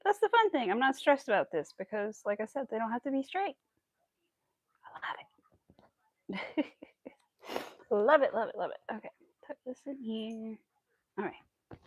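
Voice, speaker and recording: A woman hosting a casual crochet livestream, chatting to her viewers as she works and cooing at her cat in a high baby voice. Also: big pitch swings, moderate pace, pauses often, husky, no echo. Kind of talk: casual chat while crocheting.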